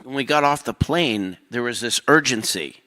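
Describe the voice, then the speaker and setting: Quick bright man telling stories. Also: medium pitch, animated. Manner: quick storyteller, quotes others. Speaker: actor on a panel. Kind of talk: casual panel chat. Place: convention hall stage.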